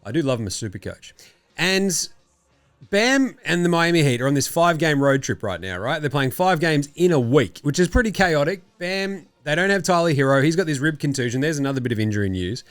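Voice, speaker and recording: Animated Australian man talking basketball. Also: a little high, fairly quick, no echo. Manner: animated, swearing, laughing asides. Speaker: podcast host. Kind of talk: casual sports talk.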